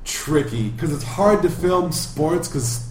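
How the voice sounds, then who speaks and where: A man with a slightly high voice recaps a movie in a loose, rambling way, full of restarts and hedges. He talks casually to his co-hosts. The room around him rings with echo. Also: expressive, slow pace, a little hiss or hum. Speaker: podcast co-host. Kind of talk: casual chat. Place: backup studio.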